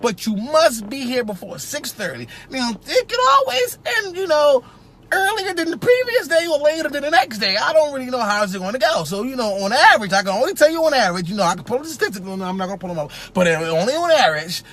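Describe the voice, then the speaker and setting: A man putting on a rambling older male hiring manager, high and lively, all fillers and chummy, patronizing reassurance. The voice leaps up and down, and it is caught on a phone at arm's length. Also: quick pace, slight background noise, full character voice. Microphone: phone held at arm's length.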